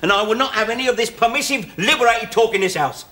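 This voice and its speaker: A man's voice: very high voice, animated, fast, bright, forceful tone, exaggerated voice. An actor playing a wisecracking ex-convict father, teasing and sardonic, on old TV sitcom audio. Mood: fatherly. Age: 40s. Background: studio audience laughter.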